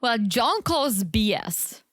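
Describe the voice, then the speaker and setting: A woman's voice: fairly high pitch, very animated, slow pace, a bit bright, no echo. A woman co-hosting a podcast, chatting casually and sarcastically while recapping a reality show. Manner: sarcastic, laughs often. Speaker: podcast co-host.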